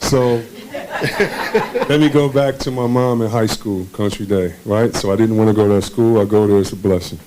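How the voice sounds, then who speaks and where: A former basketball player, interviewed on a conference stage, tells stories casually and animatedly, laughing often and acting out the voices of people he quotes. His voice is on the low side, warm and steady at a normal speed, and the recording is low quality.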